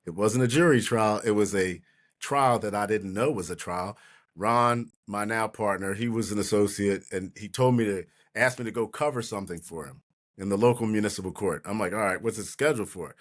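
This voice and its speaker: A man's voice: fairly low pitch, normal speed. Storytelling man in his sixties. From New Jersey, USA. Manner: animated anecdotes, acting out quoted voices, laughing. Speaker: trial lawyer, guest. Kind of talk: casual storytelling interview.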